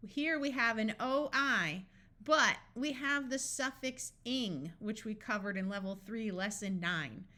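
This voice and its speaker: A woman teaching a phonics lesson, sounding out each word slowly, one sound at a time. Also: a little high, bright, forceful tone. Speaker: phonics tutor. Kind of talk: slow, carefully enunciated reading lesson.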